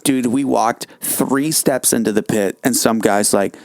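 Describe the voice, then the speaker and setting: A man hosting a casual podcast chat, easygoing and quick to laugh, swearing casually as he tells old stories. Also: medium pitch, creaky, a little mellow, no echo, clean studio sound.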